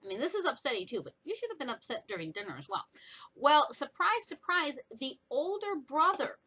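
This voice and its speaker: A young woman talks through a book she has read in a casual vlog review. Her voice is bright and sits a little high, and she retells the plot in a chatty, animated way full of exclamations. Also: fairly quick, breathy edge, poor audio.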